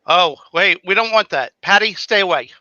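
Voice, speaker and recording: A man's voice: sits high, expressive, normal speed, sharp tone, dry recording, dull audio. A man with a New York accent from Yonkers, joking and teasing in a casual livestream chat over a video call. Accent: New York (Bronx). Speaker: stream guest.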